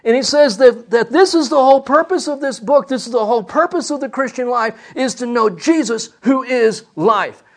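A man's voice: very high-pitched, animated, normal speed, few pauses. A man preaching a sermon, emphatic, asking the congregation rhetorical questions.

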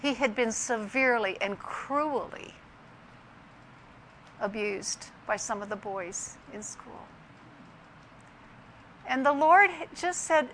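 A woman's voice: high voice, measured pace, sharp tone, slight background noise. An older woman giving an earnest, reflective personal testimony that weaves in scripture and family stories. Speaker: speaker sharing a personal story.

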